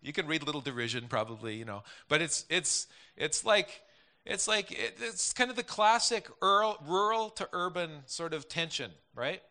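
Bright-voiced chatty preacher man. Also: a little high, animated, normal speed. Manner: chatty, rambling, many restarts and asides. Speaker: pastor. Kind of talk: conversational sermon.

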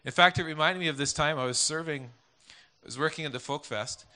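Man, pastor, casual rambling sermon, sharp bright tone, asides and restarts. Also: fairly high pitch, brisk. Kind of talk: conversational sermon.

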